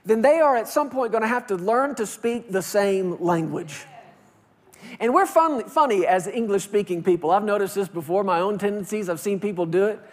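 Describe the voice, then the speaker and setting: A man preaching a sermon as pastor, swinging from loud, pleading outbursts to hushed, quiet lines. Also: sits high.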